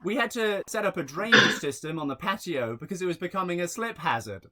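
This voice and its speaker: A young man from England doing a rambling, deadpan stand-up set with many fillers. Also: sits high, fairly quick. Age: young adult. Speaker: stand-up comedian. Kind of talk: stand-up set over a video call.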